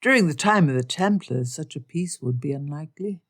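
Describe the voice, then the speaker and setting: This is a dry, wry young gentleman who speaks formally and keeps himself measured, voiced by a woman narrating an audiobook. His voice sits a little low. Every sentence sounds considered. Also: expressive. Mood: lecturing. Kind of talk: audiobook character voice.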